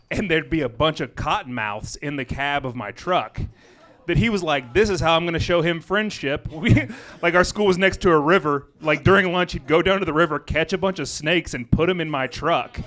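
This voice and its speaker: A laid-back man with a slightly high voice tells an anecdote on a live comedy stage. He laughs easily along the way. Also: moderate pace, a bit bright. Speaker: comedian co-host. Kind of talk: live stand-up Q&A storytelling.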